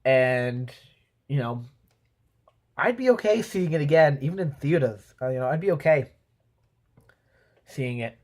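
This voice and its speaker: Male vlogger, casual off-the-cuff movie review, chatty and meandering, mid pitch. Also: lively intonation, unhurried, long pauses, darkish tone. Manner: rambling, full of "um" and "you know"; voices sound effects and quotes while telling.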